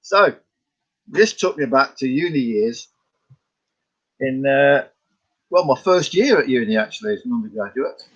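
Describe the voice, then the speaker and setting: A man's voice: mid-range voice, lively intonation, unhurried, long pauses, husky, dull audio. A middle-aged Scottish man chatting casually about his paintings, rambling, chuckling and answering his own questions. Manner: rambling, chuckling, talks to himself. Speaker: artist vlogger.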